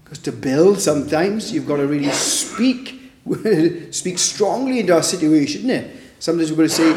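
Chatty, fairly high-voiced male preacher. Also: animated, normal speed, few pauses, echoey room, noisy background. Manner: conversational, with frequent "isn't it?" tag questions. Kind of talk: informal Bible study preaching.

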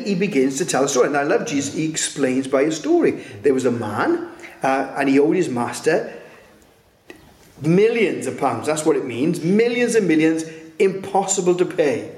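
Conversational preacher in echoey room. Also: male voice, fairly high pitch, sing-song, normal speed, darkish tone. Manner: conversational, asks rhetorical questions. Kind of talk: sermon. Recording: roomy echo.

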